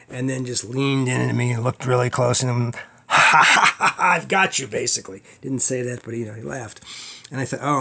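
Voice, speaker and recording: A middle-aged man teaching a class in a casual storytelling way, acting out his own panicked thoughts in lively bursts. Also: medium pitch, gravelly.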